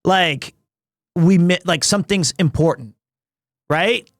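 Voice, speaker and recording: A man's voice: high-pitched, slow, dry recording, studio quality. A man in his thirties chatting casually on a live stream, rambling, restarting his sentences and chuckling as he jokes. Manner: rambling, self-interrupting, chuckles often; jokey and teasing.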